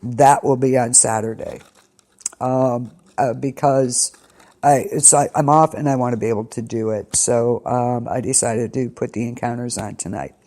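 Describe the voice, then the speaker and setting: A woman's voice: a bass voice, steady tone, normal speed, warm tone. A woman hosting an internet radio show, rambling through a casual rundown of upcoming shows with lots of ums and restarts. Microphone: studio mic, pre-recorded.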